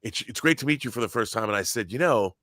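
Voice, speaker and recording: A man telling excited, geeky stories in casual podcast chat, often acting out quotes and restarting his sentences. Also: mid-range voice, fast, dry recording, studio quality. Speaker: guest, audio drama producer.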